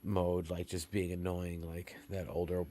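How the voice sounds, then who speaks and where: A man's voice: low voice, flat delivery, unhurried, mellow, no room sound. A man co-hosting a comedy podcast, teasing and mocking in crude, casual banter. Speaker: podcast co-host.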